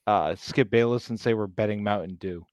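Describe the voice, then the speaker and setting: A man's voice: fairly low pitch, a little mellow, clean tone, no echo. A man co-hosting a football podcast in casual chat, emphatic and opinionated. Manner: emphatic and opinionated, quick to laugh. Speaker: podcast producer and co-host.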